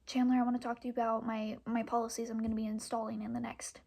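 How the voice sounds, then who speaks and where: Brief: a woman doing a pushy older politician, high and breathy, quick. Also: little pitch movement, darkish tone. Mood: persuasive.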